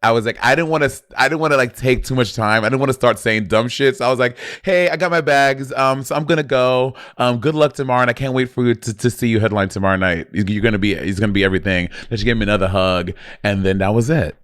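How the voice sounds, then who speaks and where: A man's voice: mid-range voice, fast, hardly any pauses, dry recording. This is a man co-hosting a chatty podcast. He tells his stories with gusto, acting out each quoted line and swearing freely. His voice sits in the middle of the range and is recorded close and dry. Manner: animated storyteller who acts out quoted dialogue. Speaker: podcast co-host. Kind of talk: casual chat.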